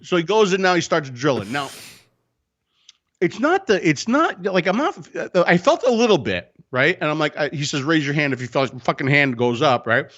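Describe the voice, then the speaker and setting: A man telling a story in a casual podcast chat, animated and profane, acting out the people in it. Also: fairly high pitch, moderate pace, dull audio. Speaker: co-host.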